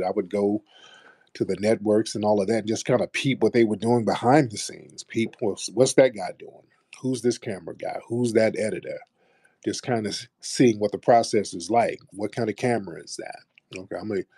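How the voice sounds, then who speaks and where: A man's voice: lowish voice, dark tone, slightly rough, no echo, clean studio sound. A man hosting a live talk show, speaking bluntly and sarcastically in a streetwise manner. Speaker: host.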